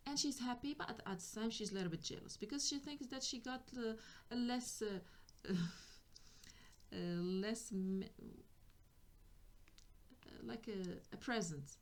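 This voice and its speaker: A woman with a slightly high voice gives an unhurried tarot reading for spiritual guidance. She speaks hesitantly, often starting over as she hunts for the right words.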